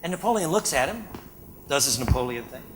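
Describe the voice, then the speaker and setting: A man giving a lecture, telling an anecdote in an animated way and often checking in with "right?". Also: fairly high pitch, brisk, a little hiss or hum. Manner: animated storytelling with frequent "right?" check-ins. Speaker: speaker. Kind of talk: storytelling lecture.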